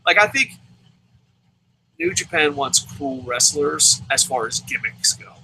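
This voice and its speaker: A male wrestling review host chatting casually, animated, swearing and talking in bursts. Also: on the high side, unhurried, creaky, noisy background. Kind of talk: casual chat.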